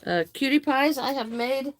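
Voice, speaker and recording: A livestream host with a voice that sits high runs a live crochet stream, chatting with viewers and greeting and thanking them by name, with some halting restarts.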